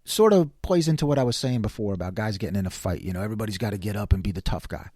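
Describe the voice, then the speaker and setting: Older man, sarcastic rant, lively swooping voice, dry close sound. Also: lowish voice, very fast, no echo. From New York City area. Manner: animated, sarcastic, exasperated complaining. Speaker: commentary show host. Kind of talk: casual ranting monologue.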